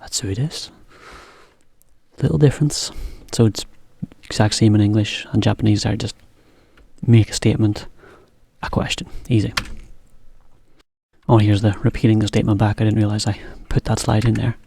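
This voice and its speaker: A man giving a relaxed English lesson to Japanese learners, explaining with simple examples. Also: fairly low pitch, moderate pace, gravelly, husky, no echo. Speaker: English teacher.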